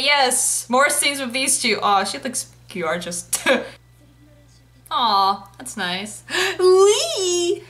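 Young woman, high and bright, unhurried, giggly screen-reaction host. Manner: giggly, talks back at the screen. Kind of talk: casual reaction commentary.

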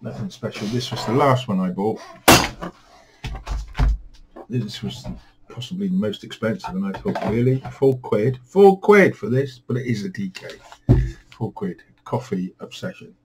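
A man's voice: on the low side, steady tone, moderate pace, noisy background. A tired man rambling through a home vlog, weary and self-deprecating, grumbling at himself. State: tired, yawning. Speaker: vlogger.

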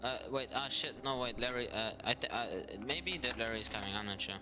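A man from Russia mutters in game voice chat, hesitant and often swearing. His voice is mid-pitched with music clearly playing behind it. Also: a little fast. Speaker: gamer.

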